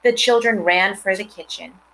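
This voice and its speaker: A woman reads a storybook aloud at an ordinary middle pitch, stopping to explain things to her listeners. Faint noise runs under the recording. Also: moderate pace, a bit bright, poor audio. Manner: explains words and scenes to listeners. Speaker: mother reading aloud. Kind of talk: reading a storybook aloud with asides.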